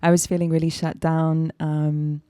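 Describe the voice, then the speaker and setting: A woman co-hosting a casual podcast, talking in a soft, reflective, heartfelt way. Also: deep voice, flat delivery, moderate pace, dry recording. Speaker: podcast co-host.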